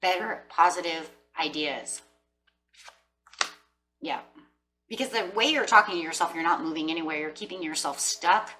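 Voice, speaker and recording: A woman with a low, forceful voice gives a casual, motivational tarot reading and speaks right to her listeners. She sounds earnest and encouraging. Her voice comes from a bit away from the mic, with a faint hum underneath. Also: moderate pace, pauses often, recorded from a distance, poor audio. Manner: earnest, encouraging, talks straight to viewers. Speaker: tarot reader.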